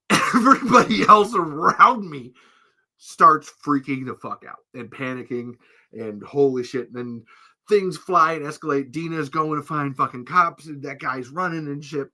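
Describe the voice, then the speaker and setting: A podcast host, a man with a bright, ringing voice, spins a long casual story. He curses freely and breaks into laughter mid-sentence. He jumps into other people's lines with raised, animated voices. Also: fairly high pitch, normal speed. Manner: animated, profane, acts out quotes in raised voices.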